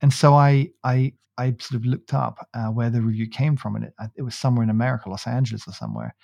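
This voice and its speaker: A man's voice: medium pitch, animated, quick pace, creaky, darkish tone, no room sound. Male podcast co-host, playful storyteller, dry close recording, conversational. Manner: jokey storytelling, laughs often. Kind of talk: casual chat.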